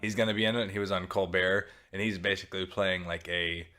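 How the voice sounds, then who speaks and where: A man's voice: deep voice, steady tone, brisk, sharp tone, faint music behind. A man hosting a podcast in casual chat, rambling and correcting himself as he runs through upbeat plugs. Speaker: podcast host.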